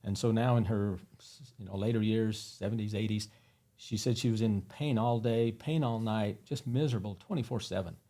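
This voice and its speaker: A company founder, appearing as an interview guest, tells earnest anecdotes full of fillers in a casual storytelling style. His voice is lowish and mellow, and he keeps a moderate pace.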